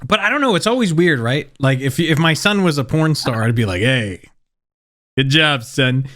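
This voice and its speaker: A man's voice: a little high, big pitch swings, fairly quick, a bit bright. A man in his thirties hosting a podcast, rambling in casual chat with lots of fillers. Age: 30s. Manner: rambling, many fillers like "like" and "you know". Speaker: podcast host.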